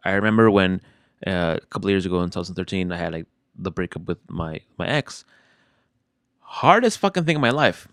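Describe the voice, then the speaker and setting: A man's voice: deep voice, animated, a little fast, fairly bright tone, no echo, studio quality. A young adult man in casual chat, talking frankly and profanely about feelings, often restarting his sentences.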